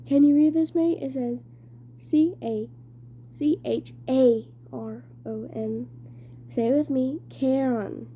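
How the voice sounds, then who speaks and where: A woman reading aloud and voicing a smooth, sly male ferryman of the dead with a put-on British accent. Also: high voice, takes it slowly, highs cut off, slight background noise. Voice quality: smooth, cold and sweet.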